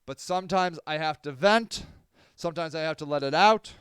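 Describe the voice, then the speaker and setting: A man hosting a podcast, rambling sardonically and apologetically, swinging from loud to mumbled. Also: a little high, normal speed, smooth, no echo, clean studio sound. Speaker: podcast host. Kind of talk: casual livestream podcast monologue.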